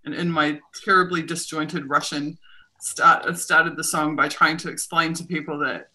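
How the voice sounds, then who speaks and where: A woman's voice: low voice, steady tone, normal speed, pushed and bright, rough recording. A woman with a New Zealand accent hosting a casual livestream chat from home, laughing often and poking fun at herself. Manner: chatty, laughs often, self-mocking. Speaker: host. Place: home room.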